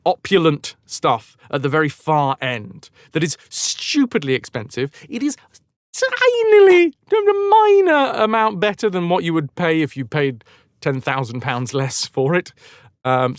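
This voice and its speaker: A man's voice: medium pitch, clean tone, no room sound, studio quality. A man hosting a livestream, chatting in a digressive, wry way, often cutting himself off mid-thought and swearing casually. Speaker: livestream host. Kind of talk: casual rambling chat.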